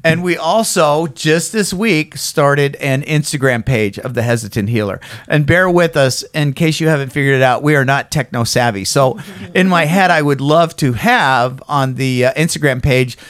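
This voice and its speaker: A man in his fifties with a hoarse frog in his throat, hosting a casual podcast in a rambling, self-deprecating way and swearing now and then. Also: medium pitch, moderate pace, few pauses, a bit bright, dry recording. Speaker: podcast host.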